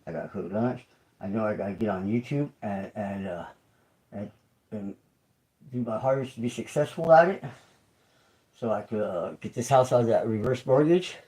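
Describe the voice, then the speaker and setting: A YouTube creator with a lowish, darkish voice speaks at normal speed with long pauses, and the audio quality is poor. Hosting his own livestream in a casual monologue, he talks loosely, repeats phrases, and asks listeners "you feel me?".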